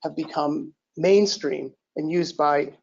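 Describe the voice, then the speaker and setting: An older male lecturer with a somewhat high voice speaks at a podium mic in a lecture hall. He talks in a relaxed, self-deprecating way, clears his throat often and restarts sentences. The recording sounds dull and lo-fi. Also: slow. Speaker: invited lecturer. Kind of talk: academic lecture. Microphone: handheld or podium mic.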